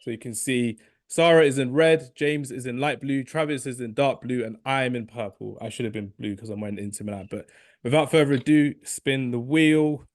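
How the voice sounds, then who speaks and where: Male podcast host, rambling and excitable, hoarse today, dry close sound. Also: mid-range voice, brisk, no echo. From England. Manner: rambling, excitable, self-correcting. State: losing his voice. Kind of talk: casual podcast chat.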